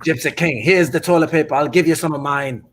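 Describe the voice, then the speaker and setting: A man doing a put-on Irish accent as a cocky, mocking boxer, in loud, crude, taunting banter. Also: a little high, fast, slight background noise, natural voice. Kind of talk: casual podcast banter.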